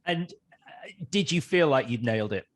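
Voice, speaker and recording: A man's voice: medium pitch, expressive, normal speed. A man hosting a podcast, asking long, rambling questions in a casual interview.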